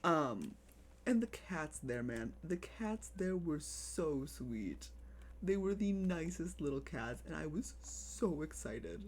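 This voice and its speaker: A live streamer chatting casually over gameplay, excitable, repeating phrases and cooing over pets. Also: medium pitch, slow.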